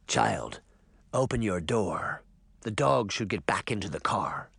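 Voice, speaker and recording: A man voicing a stern, gruff older man who gives curt commands. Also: lowish voice, expressive, a little slow, fairly bright tone, no echo, voice pushed down, heavily acted.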